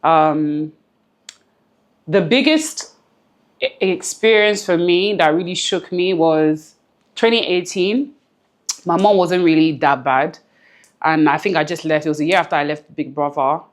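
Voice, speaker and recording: A woman's voice: low-pitched, unhurried, long pauses. A woman guest in an interview, talking earnestly and reflectively about something personal, often repeating phrases for emphasis. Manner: close to tears at times.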